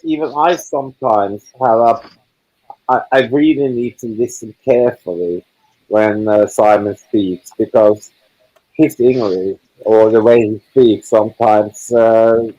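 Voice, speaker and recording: A man's voice: lowish voice, fairly even intonation, unhurried, warm tone, rough recording. Blunt rambling man in casual chat. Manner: blunt, swearing, rambling with restarts. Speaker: live chat participant. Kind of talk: casual group video chat.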